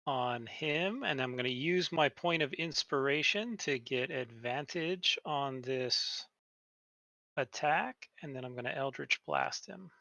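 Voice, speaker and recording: A man playing in a casual tabletop game, deliberately spelling out each move. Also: medium pitch, animated, creaky, sharp tone, no room sound, highs cut off. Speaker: player.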